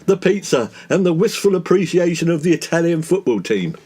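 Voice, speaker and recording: A man's voice: on the high side, big pitch swings, a little fast, background noise. A man playing a pompous, teasing English comic lead in a comedy pastiche, drawling his jibes.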